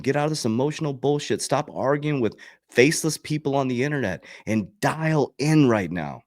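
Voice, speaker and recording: Speaking straight to his webcam, this channel host and crypto coach gives a passionate, sermon-like pep talk full of profanity and impressions of the people he quotes. His voice is medium in pitch with lively intonation at a normal pace, recorded dry and clean in a studio.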